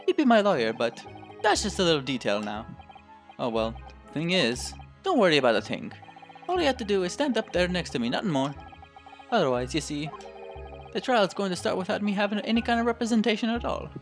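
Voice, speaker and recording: A man voicing a boastful, wealthy Irish defendant with a clumsy put-on Irish accent. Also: high voice. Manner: jovial, blustering, loud.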